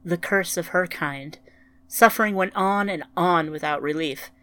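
Woman narrator, lower voice, slow and somber storytelling. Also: fairly bright tone, dry recording.

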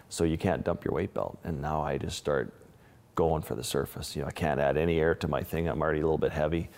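A man's voice: a bass voice, a little mellow, long reverb tail. A man, an underwater photographer, telling stories of close calls in an interview, with frequent restarts and vivid retelling. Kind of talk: storytelling interview.

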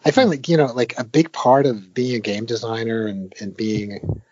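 A man's voice: medium pitch, moderate pace, no room sound, highs cut off. A man who designs arcade games, talking casually and at length in an interview, with many fillers and restarts. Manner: rambling, many fillers and restarts, animated when retelling stories. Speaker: arcade game designer, guest.

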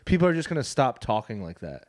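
Young male podcast co-host, dry questioner, mid-pitched, close and dry mic. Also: big pitch swings, fast, a little mellow, dry recording. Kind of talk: casual banter.

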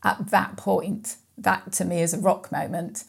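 A woman's voice: fairly low pitch, steady tone, a little slow, vocal fry, husky. A woman guest speaking in an earnest, reflective, storytelling way during a conversational interview. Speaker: mental health guest speaker.

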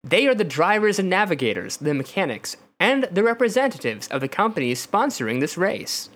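A man's voice: sits high, sing-song, a little fast, fairly bright tone. A man co-hosting a comedy podcast, reading a gamebook aloud in second person and breaking off for jokes. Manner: reads in second person, with joking asides. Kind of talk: comedic read-aloud narration and banter.

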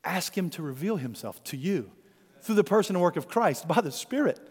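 A man's voice: sits high, expressive, brisk, breathy edge, long reverb tail. A man preaching a sermon in a conversational way, calling his listeners friends. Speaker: pastor.

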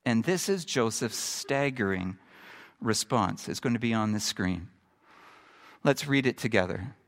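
A middle-aged man preaching a sermon, moving from emphatic build-ups to quiet, hushed points. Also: lowish voice, animated, unhurried, creaky. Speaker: pastor.

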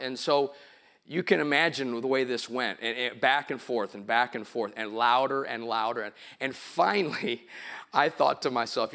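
A man's voice: mid-range voice, fairly bright tone. A middle-aged man, a pastor, preaching a sermon in a church. He tells stories, acts out sounds and quotes, and builds to emphatic preaching. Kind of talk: sermon with storytelling. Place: church sanctuary.

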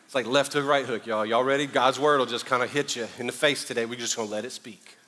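A middle-aged man with a Southern accent preaching a sermon, animated and joking, swinging between loud and quiet. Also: medium pitch, fast talker. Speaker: pastor. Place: church sanctuary. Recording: long hall reverb.

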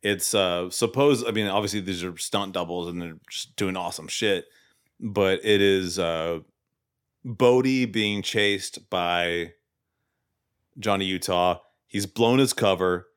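Profane excitable man discussing a movie. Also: sits low, measured pace, clear, resonant tone. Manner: profane, excitable, quotes scenes in raised voices. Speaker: podcast co-host.

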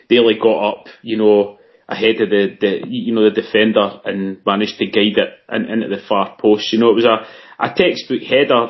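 Chatty man, halting football talk. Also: on the low side, lo-fi sound. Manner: hesitant, full of fillers and restarts, chatty opinions. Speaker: podcast co-host. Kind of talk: casual football podcast chat.

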